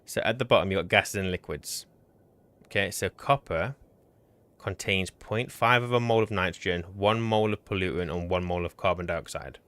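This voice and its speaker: Deep-voiced man explaining a game. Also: fairly quick, fairly bright tone, dry recording. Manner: explains game mechanics at length, teasing banter. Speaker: streamer, co-op game host. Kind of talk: casual gameplay chat and explaining.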